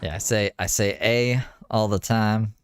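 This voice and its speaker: A man's voice: on the low side, fairly even intonation, a little slow. A Canadian man streaming live, chatting and joking with his viewers in a loose, casual way.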